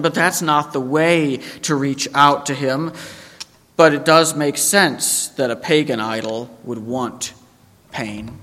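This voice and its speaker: Animated high-voiced preacher in a hall. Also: male voice. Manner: animated preaching, quoting scripture. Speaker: pastor. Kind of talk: sermon.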